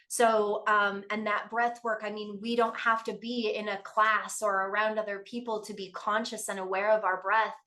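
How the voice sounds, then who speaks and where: A Canadian woman, a yoga teacher, calmly explaining breathing practices as a podcast guest. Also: mid-range voice. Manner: calm, explanatory, steady guidance with frequent affirming replies. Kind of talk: podcast conversation.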